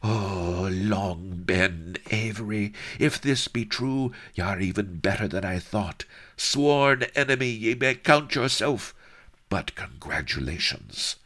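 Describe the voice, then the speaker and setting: A man's voice: on the low side, lively intonation, slow pace, fairly bright tone, voice pushed up, heavily acted. A man voicing a haughty, scheming female pirate duchess in a theatrical, scornful manner, in a read-aloud story. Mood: taunting.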